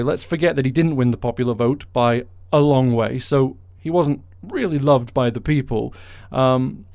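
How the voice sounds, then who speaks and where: Sarcastic podcast host. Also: male voice, medium pitch, darkish tone, no echo. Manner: sarcastic, mocking. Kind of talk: comedic political monologue.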